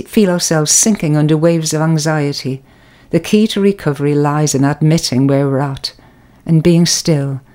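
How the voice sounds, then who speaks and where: Calm, earnest woman giving a devotional. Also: sits low. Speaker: preacher. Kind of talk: spoken devotional reflection.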